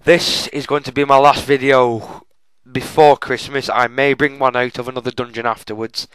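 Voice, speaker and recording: A man's voice: mid-range voice, flat delivery, moderate pace, a bit bright, clean tone, dry recording, rough recording. A young man giving chatty, self-mocking walkthrough commentary on a game, often addressing viewers as folks. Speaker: gaming channel host.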